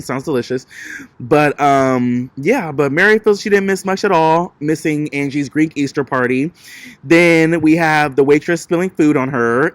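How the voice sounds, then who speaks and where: A man's voice: a little high, fairly bright tone, no room sound. A man giving a chatty, sassy recap of a reality TV episode, with lots of casual filler words. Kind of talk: casual gossipy commentary.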